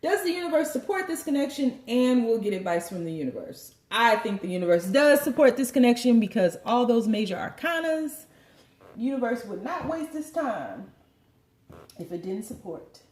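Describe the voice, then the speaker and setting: A woman's voice: a little high, lively intonation, moderate pace, a little mellow. A woman giving a tarot card reading, preachy and joking, with some profanity. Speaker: tarot reader. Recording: roomy echo.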